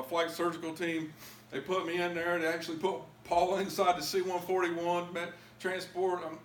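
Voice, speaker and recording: A man telling his own story as a testimony in a church, emotional and pleading at its high points. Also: echoey room, slight background noise. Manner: emotional, rising to pleading highs. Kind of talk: testimony sermon.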